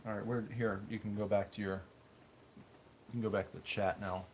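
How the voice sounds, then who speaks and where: A man's voice: lowish voice, flat delivery, moderate pace, noisy background. A man co-hosting a casual livestream, bantering dryly and stubbornly defending his odd pronunciations. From United States. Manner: stubborn, dry, argues pronunciation. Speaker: livestream co-host. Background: faint game music.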